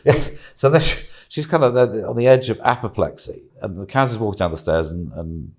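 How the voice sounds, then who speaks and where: A British man chatting casually, telling an animated anecdote and acting out voices. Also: fairly low pitch, moderate pace. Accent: British English. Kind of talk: casual storytelling chat.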